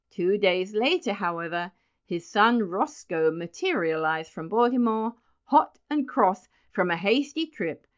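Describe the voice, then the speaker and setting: A woman narrating a story aloud in a measured, even reading voice, in a slightly muffled recording. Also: lowish voice, smooth. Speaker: audiobook narrator.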